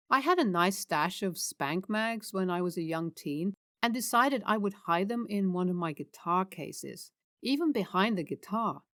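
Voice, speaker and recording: A woman reading out a series of short anonymous stories as scripted narration, in a steady read-aloud delivery. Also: mid-range voice, no room sound, studio quality. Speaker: story narrator.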